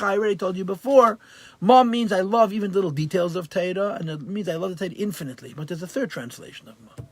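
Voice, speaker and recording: Rabbi guy teaching a torah class, kinda high voice, punches key words, dry close sound. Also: fast talker, dry recording. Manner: translates verse by verse, mixing Hebrew and Yiddish terms into English; emphatic, stresses key words loudly.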